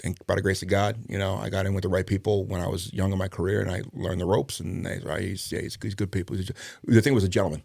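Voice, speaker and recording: A middle-aged man with a low, gravelly voice tells loose, profane stories from his years as a detective. He rambles casually and slips into other people's lines as he goes. The sound is dry and close, with no room around it. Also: little pitch movement, quick pace, darkish tone, no echo. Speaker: retired police detective, guest. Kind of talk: casual storytelling interview.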